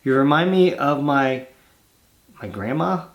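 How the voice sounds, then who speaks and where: A relaxed man hosting a home video channel, reading fan letters aloud at an ordinary pitch. He breaks off into easygoing, rambling asides, restarting his sentences as he goes. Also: a little slow, dull audio.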